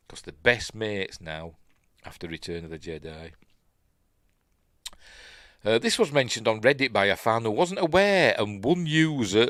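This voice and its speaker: Brief: Yorkshire man hosting a news stream, lowish voice, dry close sound, rambling chatty asides. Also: sing-song, normal speed, dry recording. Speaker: live-stream news host. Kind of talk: casual live-stream news chat.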